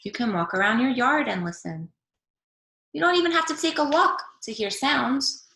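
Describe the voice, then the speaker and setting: A woman teacher reading a picture book aloud to young children over a video call, gently asking them questions as she goes. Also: fairly high pitch, expressive, normal speed, vocal fry. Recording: echoey room.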